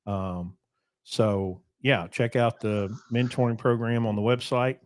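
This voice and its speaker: Man, podcast host, loose rambling chat, mid pitch, dry close mic. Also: steady tone, takes it slowly, no echo. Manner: loose, rambling, with many ums.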